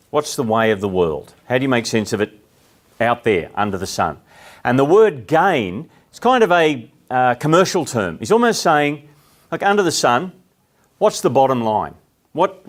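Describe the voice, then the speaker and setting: Conversational Australian man giving a talk. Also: medium pitch. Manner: conversational, asks the audience questions. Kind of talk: talk to a live audience.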